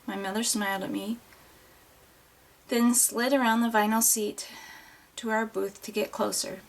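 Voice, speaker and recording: A woman's voice: on the high side, fairly even intonation, unhurried. A woman reading a first-person novel aloud in an audiobook, with plain, unpolished delivery and small restarts. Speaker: audiobook reader.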